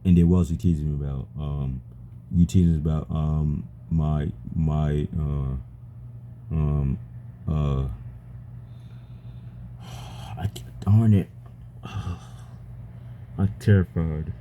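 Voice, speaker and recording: A man talking casually to an AI chat companion, halting and stammering, often repeating his words. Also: rumbling low, dark tone, a little hiss or hum. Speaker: user chatting with an AI.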